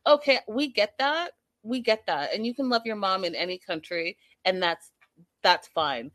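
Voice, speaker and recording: A woman's voice: medium pitch, lively intonation, normal speed, fairly bright tone, no room sound. Sassy woman. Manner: sassy, exasperated, emphatic repetition. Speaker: commentator reacting to a reality show. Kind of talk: casual live commentary reading chat.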